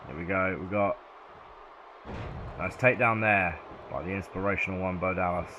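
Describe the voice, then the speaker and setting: Excitable southern English man calling play-by-play. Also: deep voice, moderate pace, background noise. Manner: excitable, yells at near-falls. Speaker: video game commentator. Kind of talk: play-by-play game commentary.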